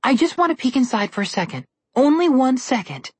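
Woman doing an eager, high-voiced young girl. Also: big pitch swings, breathy edge, dry recording, exaggerated voice. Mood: excited. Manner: high and eager, drawn-out exclamations. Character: excited, curious young girl, impulsive. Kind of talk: storybook reading.

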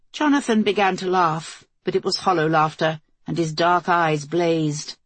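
Woman narrator, husky low voice, measured intense storytelling, dry close recording. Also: dry recording. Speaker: audiobook narrator. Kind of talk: scripted narration.

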